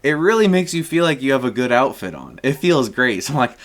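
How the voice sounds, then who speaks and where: A man's voice: mid-range voice, sing-song, a little fast, slight background noise. A young man telling a rambling, profane story in a casual rant, chuckling as he goes. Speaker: streamer.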